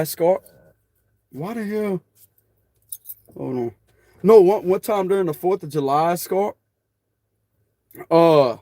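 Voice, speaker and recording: A man with a slightly high, somewhat mellow voice chats to viewers on his phone for his spiritual tarot channel, recorded in clean studio quality with no echo. He rambles casually, joking, laughing a lot and swearing freely.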